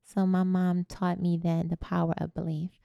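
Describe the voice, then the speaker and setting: Gravelly-voiced woman telling her story. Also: lowish voice, moderate pace, no echo, highs cut off. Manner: animated, laughs while telling stories. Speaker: podcast guest. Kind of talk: personal storytelling in conversation.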